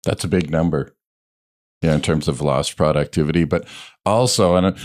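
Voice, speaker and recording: Low-voiced male podcast co-host, casual and rambling, restarts his phrases. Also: moderate pace, a little mellow. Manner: meandering, searches for words, restarts often. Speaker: podcast co-host, works with families on money.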